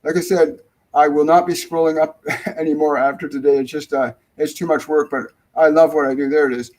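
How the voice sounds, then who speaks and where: A middle-aged man with a slightly high voice hosts a live-stream spiritual Q&A from home. He rambles warmly, restarts sentences and repeats key phrases for emphasis. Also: fairly even intonation, brisk, low-quality recording. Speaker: spiritual medium, show host.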